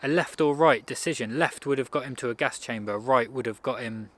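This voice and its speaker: Brisk and medium-pitched, a man talks casually about self-improvement in a loose, rambling fashion. He's conversational and frequently restarts his sentences.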